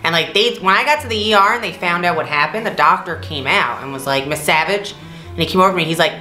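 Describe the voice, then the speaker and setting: Talking fast, this young woman shares a story with her vlog co-host in a relaxed way, frequently laughing mid-story and imitating others with big swings in pitch. She has a clear, bright voice, heard in an echoey space with soft music behind it.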